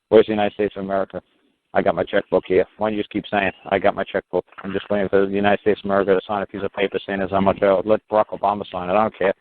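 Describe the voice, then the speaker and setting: A man with a New York accent talking bluntly and profanely, acting out quoted exchanges as he gives advice on a call-in show. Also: lowish voice. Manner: blunt, profane, animated storytelling with mocking quotes. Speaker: talk show guest giving advice. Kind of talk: casual phone-in talk. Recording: tinny phone line.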